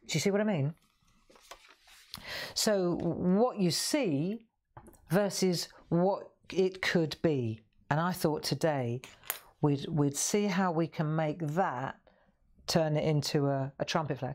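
A craft show host leads a live coloring demonstration, chatting, laughing often and asking viewers questions as she works. Her voice is low, slow and a little mellow.

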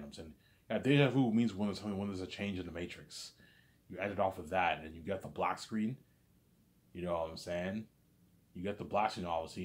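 A man's voice: sits low, brisk. A man telling a rambling, casual story, stumbling over restarts and leaning on the same stock phrases again and again.

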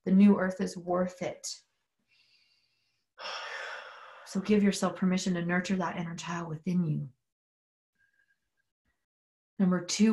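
Her voice is lowish with a darkish tone. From her mountain home, this spiritual workshop leader guides an earnest, intimate session, swearing without restraint and leading participants in call-and-response prayer.

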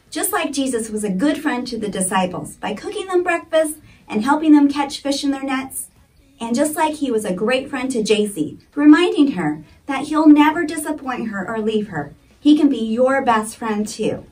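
A woman with a slightly high voice teaches a children's Sunday school lesson, asking slow, encouraging questions. She sounds a little distant from the microphone, and soft music plays in the background. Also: expressive. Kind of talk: reading a children's story and lesson. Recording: voice a bit distant, faint music.

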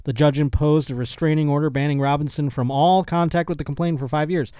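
A man's voice: fairly high pitch, fairly even intonation, fast talker, warm tone, clean tone, no echo, studio quality. A man hosting a casual comedy podcast, reading news stories aloud and breaking off for jokey asides. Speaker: podcast host.

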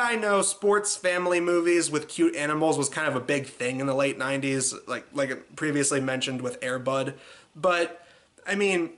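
A man's voice: fairly high pitch, fairly bright tone. A man hosting a comedic movie review in a casual, sarcastic way, with lots of "uh" and "like" fillers. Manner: sarcastic, loose, many fillers like "uh" and "like".

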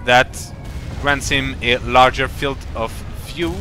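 A man's voice: mid-range voice, fairly even intonation, slow, pushed and bright, soft background music. A man commentating a strategy game live, explaining in a rambling, playful way with many fillers and restarts. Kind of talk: casual live-stream commentary.

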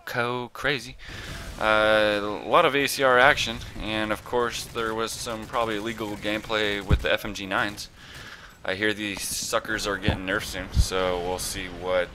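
A young man with a low, bright-edged voice talks over his gameplay in a loose, rambling way. He mocks himself, trails off, and swears casually. A faint hum sits under him. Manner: rambling, self-mocking, lots of filler and cursing. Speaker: gameplay commentator. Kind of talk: casual game commentary.

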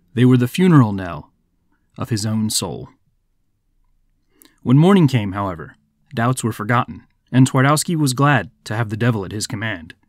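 A man hosting a podcast, reading a folk tale as measured, scripted narration on a close mic. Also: medium pitch, darkish tone, no room sound. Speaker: podcast host.

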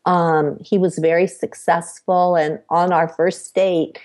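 Unhurried middle-aged woman, personal storytelling, measured delivery, podcast guest. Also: on the low side, little pitch movement, a little mellow. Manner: measured, acts out quoted dialogue.

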